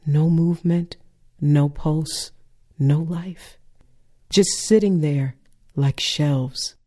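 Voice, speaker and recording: Wry woman with a mellow voice. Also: sits low. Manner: wry, deliberate delivery. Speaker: spoken-word performer. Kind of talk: spoken-word personal story.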